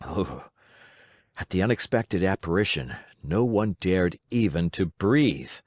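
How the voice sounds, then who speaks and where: Expressive man narrating a storybook. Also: low voice, unhurried, no room sound, studio quality. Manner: expressive, dramatic reading. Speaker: audiobook narrator.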